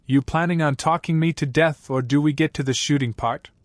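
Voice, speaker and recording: A man voicing a hardened bounty hunter who speaks in flat, clipped, defiant lines, from a dry recording. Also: on the high side, a little fast, dry recording, close to an everyday voice.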